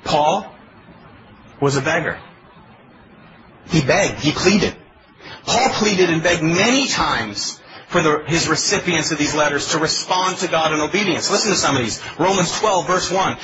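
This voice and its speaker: A man's voice: a little high, animated, a little slow, highs cut off, heavy background noise. A male pastor preaching a sermon in a pleading, emphatic way, asking his congregation questions. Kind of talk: expository sermon.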